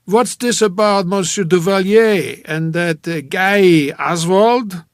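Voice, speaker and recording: A booming, jovial middle-aged businessman with an actor's showy voice, played by a male narrator. He talks loud and high on the phone, hearty and blustery. The reading is dry and close. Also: expressive, slow pace, no echo.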